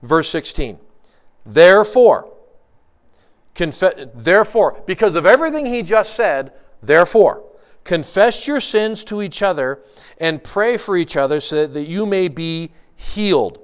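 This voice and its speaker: A man preaching a sermon, earnest and emphatic, asking rhetorical questions and moving between quick bursts and slow, stressed phrases. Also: high voice, sing-song. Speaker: pastor.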